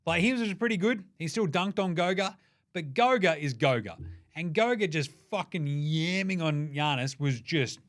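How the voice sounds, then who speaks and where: A man with an Australian accent hosting a sports show, excitable and sweary, cracking jokes. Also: a little high. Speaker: podcast host. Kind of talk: energetic sports commentary.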